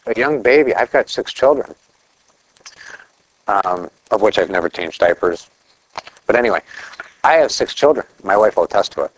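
A man's voice: on the low side, no room sound. Middle-aged male pastor, conversational sermon delivery, muffled dry sound. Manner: conversational preaching with rhetorical questions.

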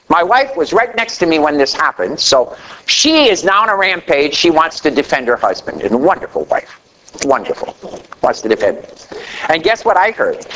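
A middle-aged man preaching with a high, lively voice that leaps up and drops down. He tells his story with animated force, then falls quiet. A faint hiss with clicks sits under the recording. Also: normal speed, low-quality recording. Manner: animated storytelling preacher, rising to a near shout then dropping low. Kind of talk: sermon.

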